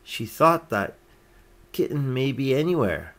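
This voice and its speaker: Slow, lively male storybook reader. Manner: gentle, lifting his pitch for the family's quoted lines. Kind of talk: reading a picture book aloud.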